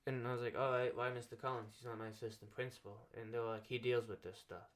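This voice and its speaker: A man's voice: medium pitch, steady tone, quick pace. Young man, podcast host, casual storytelling, filler-heavy, quotes people in his tale. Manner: rambling anecdote full of "like" fillers, acting out quoted dialogue.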